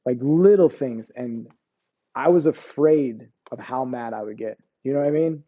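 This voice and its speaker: In a candid interview, an Army veteran in his forties tells war stories in a rambling, profane way, repeatedly asking "you know what I mean." His voice is medium-pitched at a moderate pace, and the audio sounds dull.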